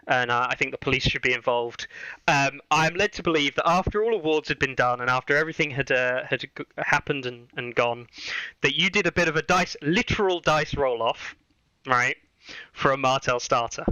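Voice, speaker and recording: Bright, smooth-voiced male podcast host. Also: medium pitch, no echo, low-quality recording. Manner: chatty, many fillers and restarts. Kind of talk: casual chat.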